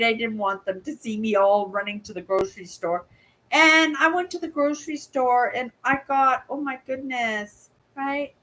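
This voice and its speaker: A Canadian woman in her 60s hosts a casual live chat on her channel, her slightly high, sharp voice coming through poor audio. She's a chatty storyteller who keeps tossing in "right?" and acts out the voices in the dialogue she quotes.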